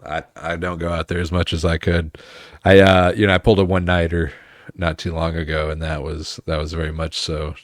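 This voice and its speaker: A man's voice: deep voice, flat delivery, brisk, no echo, studio quality. A man hosting a podcast, chatting casually and respectfully, calling his guest sir. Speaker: podcast host. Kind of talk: casual chat.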